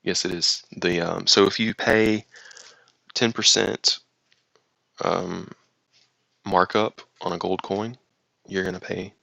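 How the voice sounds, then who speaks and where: A man's voice: low voice, steady tone, takes it slowly, creaky, long pauses, pushed and bright, no echo, poor audio. A man with a slight Southern US accent who hosts a casual stream, reading viewer comments aloud and rambling through his reactions. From United States. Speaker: livestream host reading chat. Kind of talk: casual chat.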